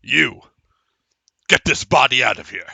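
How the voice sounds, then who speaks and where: A man voicing an eight-foot hulking inquisitor who speaks in a low, grave, gravelly voice. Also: level tone, measured pace, sharp tone, no room sound. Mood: commanding. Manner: grave, commanding.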